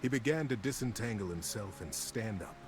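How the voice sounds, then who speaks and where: A man reading a storybook aloud as a streamer, expressive and lively. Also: on the low side, brisk, a little hiss or hum. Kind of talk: storybook narration.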